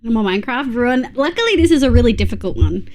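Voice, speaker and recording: Young Australian woman, chatty streamer voice, a touch high, reads aloud to chat, laughs easily. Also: expressive, quick pace, darkish tone. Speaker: livestreamer. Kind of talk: casual live-stream chat.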